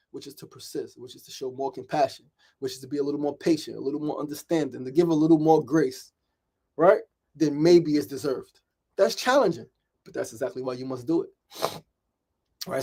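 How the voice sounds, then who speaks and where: A man's voice: a little high, fairly quick, dark tone. A middle-aged man hosts a motivational daily talk show, speaking emphatically, repeating himself and often asking "right?". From New York City. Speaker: host.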